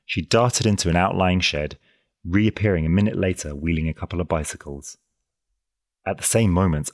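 A man narrating an old adventure novel as an audiobook, in a measured storytelling delivery. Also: low voice, no room sound, studio quality. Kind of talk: scripted narration.

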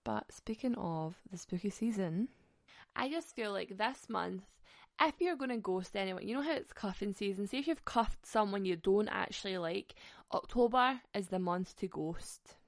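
Sweary chatty woman with a gravelly voice. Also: mid-range voice, animated, normal speed, no room sound, clean studio sound. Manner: sweary, chatty, laughs often. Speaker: podcast host. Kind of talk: casual storytelling chat.

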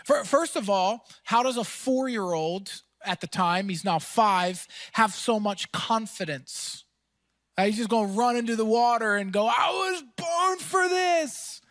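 A man preaching a sermon as pastor, energetic and emphatic, with casual fillers and quick asides. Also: high-pitched, no room sound.

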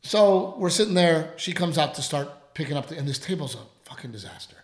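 A radio host telling a story in casual chat, rambling and animated, with plenty of fillers. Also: male voice, a little high, fairly quick, roomy sound.

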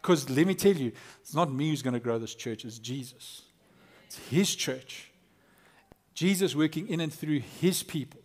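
A man preaching a lively, conversational sermon as a pastor, acting out quotes. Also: fairly high pitch, normal speed.

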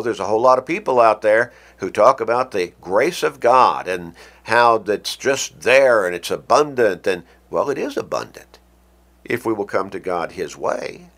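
A man preaching a radio sermon, emphatic and deliberate, quoting scripture. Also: on the low side, a bit bright.

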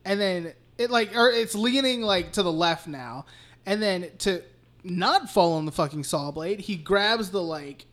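A man with a high, animated voice and fairly bright tone talks a little slowly as he co-hosts a podcast. He recounts a horror movie in a loose, profane, laughing recap, rambling casually throughout.

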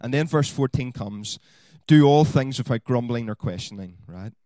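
A man preaching a sermon, swinging from loud exhortation to quiet asides. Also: medium pitch, normal speed, dry recording. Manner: animated, rising to loud exhortation then dropping to quiet asides.

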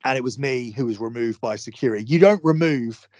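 A man's voice: mid-range voice, fairly quick, darkish tone, no room sound. A young man, a podcast guest, talking heatedly, swearing and repeating phrases for force. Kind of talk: heated casual chat.

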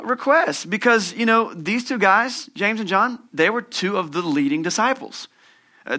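Man, middle-aged, pastor, sermon, conversational and humorous, bright forceful tone, slightly high. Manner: conversational, humorous, animated storytelling.

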